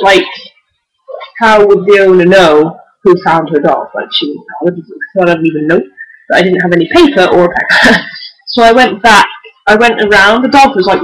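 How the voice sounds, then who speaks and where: A woman's voice: fairly low pitch, husky, poor audio. A young woman vlogging, telling a story in a chatty, giggly way full of "like" and restarts. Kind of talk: casual storytelling to camera.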